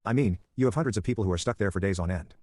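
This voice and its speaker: Man as chatty middle-aged dad, forced cheer, quick low read. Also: darkish tone, no room sound, close to an everyday voice.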